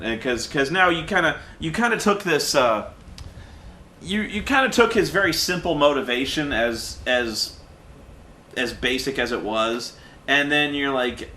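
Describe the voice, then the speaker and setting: A man's voice: mid-range voice, normal speed, sharp tone, echoey room, slight background noise. A man who is a movie reviewer, chatting casually and animatedly with his brother, stammering and acting out quotes from the film.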